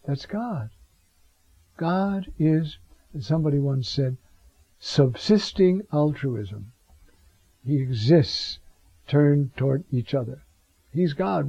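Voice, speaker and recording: A man gives a Bible teaching in a slow, unhurried way, full of rhetorical asides. His voice is husky and sits a little high, and the recording is dull and lo-fi. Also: no echo. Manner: reflective, rhetorical asides, drawn-out Greek phrases. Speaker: preacher teaching scripture. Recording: dull lo-fi sound.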